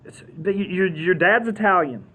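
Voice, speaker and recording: A man hosting a radio interview, asking short questions with quick, stumbling restarts. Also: sits high, bright, forceful tone. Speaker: radio host. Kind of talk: casual interview.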